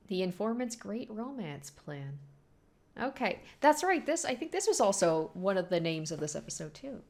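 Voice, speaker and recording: A woman hosting a casual anime reaction, chatting along, often laughing and quoting the characters. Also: mid-range voice. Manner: chatty, animated, lots of "like" and laughter.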